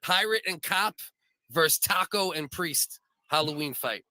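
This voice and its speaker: A man's voice: on the high side, lively intonation, normal speed, bright, forceful tone, dry recording. A man co-hosting a comedy talk show, trading crude, profane banter and laughing often. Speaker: podcast co-host.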